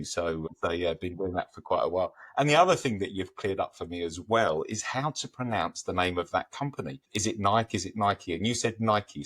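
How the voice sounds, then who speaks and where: A man's voice: low-pitched, a bit bright, no echo. A man co-hosting an interview, asking questions hesitantly and repeating words as he works out what to say. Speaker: co-host.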